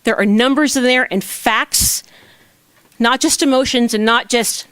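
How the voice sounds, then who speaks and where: A woman's voice: a little high, a little slow, a bit bright, clean tone, no room sound. Impassioned woman speaking at a council podium. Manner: impassioned, emphatic rhetorical questions. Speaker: public commenter. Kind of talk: public comment at council meeting. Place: town council chamber.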